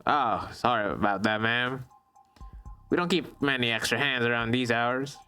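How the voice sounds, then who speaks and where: A weary old detective with a slow Texan drawl, as a man puts it on, rough and unhurried, over quiet game music. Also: medium pitch, lightly acted. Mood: dry. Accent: put-on Texan drawl. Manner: laid-back, drawling.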